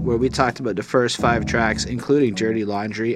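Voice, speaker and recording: A man's voice: mid-range voice, fairly even intonation, brisk, hardly any pauses, noisy background. A man co-hosting a casual podcast, rambling and joking with a loose, easygoing delivery. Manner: loose, rambling, joking, frequent "you know what I'm saying". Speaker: podcast co-host reviewing an album. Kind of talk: casual chat.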